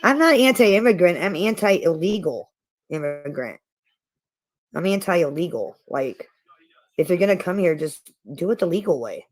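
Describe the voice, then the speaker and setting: A woman's voice: lowish voice, expressive, normal speed. A middle-aged woman from Iowa hosting a casual livestream chat. She talks hesitantly, often repeating words as she goes. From Iowa, USA. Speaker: livestream host.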